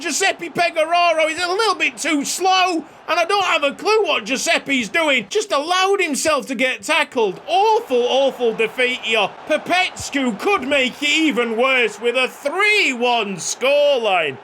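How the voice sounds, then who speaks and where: A young man commentating on his football video game, excitable, shouting at chances and cracking jokes between plays. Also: very high voice, unhurried, hardly any pauses, a little hiss or hum. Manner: excitable, shouting at goals, jokey asides. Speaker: gaming YouTuber. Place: home recording room. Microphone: desk microphone.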